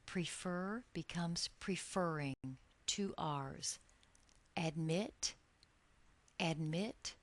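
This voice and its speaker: Her voice on the low side, a female teacher works through English grammar in a recorded lesson, taking her time and lengthening each example word with care.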